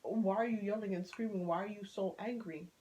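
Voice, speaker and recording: A woman vlogger telling a dramatic personal story in a casual, animated storytime chat, swearing freely and acting out what people said. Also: mid-range voice, brisk, highs cut off.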